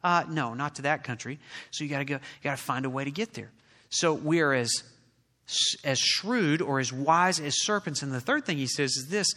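A man's voice: a little high, normal speed, pushed and bright. A man preaching a sermon as pastor, building his delivery to emphatic peaks. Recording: long reverb of a large hall.

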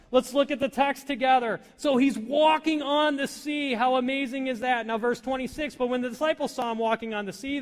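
A man preaching a sermon to a congregation, animated and full of questions to his listeners. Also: very high-pitched. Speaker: pastor. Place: church hall. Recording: long hall reverb.

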